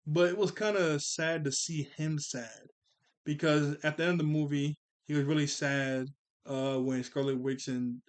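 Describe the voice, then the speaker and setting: A man recapping a movie in casual chat, rambling with lots of "like" and "you know" and chuckling often. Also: mid-range voice. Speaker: movie commentary vlogger.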